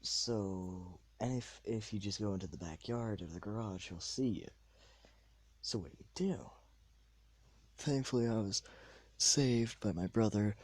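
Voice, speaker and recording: A young man hosting a podcast from his bed at night, rambling in a hushed, half-whispered way. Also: low voice, husky. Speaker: podcast host. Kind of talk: casual late-night monologue.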